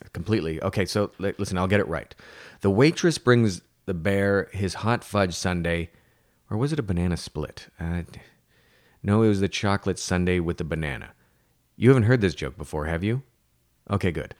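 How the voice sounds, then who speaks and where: A man's voice: sits low, dry recording, studio quality. A man narrating a humorous children's book, playing a rambling joke teller who keeps correcting himself. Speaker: audiobook narrator.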